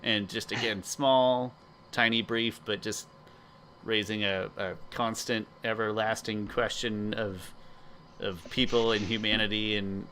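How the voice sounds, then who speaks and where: A man's voice: fairly low pitch, level tone, measured pace, bright, forceful tone, a little hiss or hum. A man co-hosting a podcast in casual chat, reflective and full of fillers. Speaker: podcast co-host.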